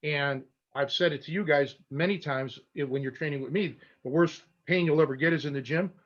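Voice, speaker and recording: A man, a catch wrestling coach and podcast host, telling a story in a casual, animated way with many restarts and blunt asides. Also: on the high side, fairly quick, highs cut off.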